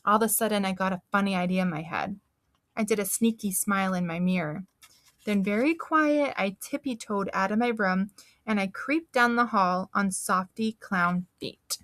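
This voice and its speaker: A woman reading a children's book aloud in an expressive, animated storytelling manner. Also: mid-range voice, normal speed, no echo, studio quality.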